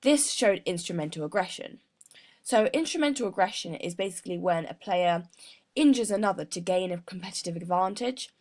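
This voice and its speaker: A woman's voice: on the low side, expressive, fairly quick, darkish tone. A young woman as a sports psychologist guest, giving an earnest prepared explanation with frequent mid-word restarts. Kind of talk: prepared explanation in a mock interview.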